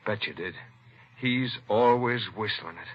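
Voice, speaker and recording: A hard-boiled radio detective. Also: male voice, fairly low pitch, unhurried. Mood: tense. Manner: clipped tough-guy delivery. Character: hard-boiled male city detective, terse and tough. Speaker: detective narrator. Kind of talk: 1940s radio drama acting. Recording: dull lo-fi 1940s radio recording.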